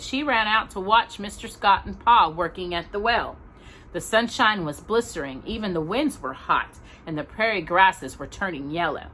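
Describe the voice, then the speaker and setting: A woman hosting a storytime, reading a children's novel aloud in a gentle, expressive way. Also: lowish voice, a little hiss or hum. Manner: gentle and expressive, pausing for coughs. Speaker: storytime host.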